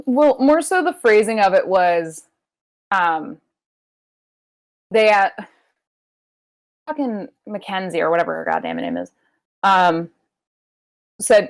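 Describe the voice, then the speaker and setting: Sarcastic woman, lively pitch. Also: unhurried, pauses often. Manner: sarcastic, swears, mocks in quoted asides. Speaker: podcast co-host. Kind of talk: casual banter.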